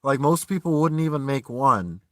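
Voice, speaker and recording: A man in a heated, profanity-laced live-stream rant from his van. His voice has a bright, sharp edge and sits close and dry on the mic. He jumps from loud outbursts to weary, low muttering. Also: lively intonation, normal speed, no room sound. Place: inside a parked van.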